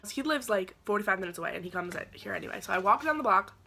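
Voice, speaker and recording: A woman in her twenties telling a dating story to camera, animated and sarcastic, acting out her own quoted lines. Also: mid-range voice, racing, creaky, husky, soft background music. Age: 20s. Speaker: vlogger. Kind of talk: storytelling vlog.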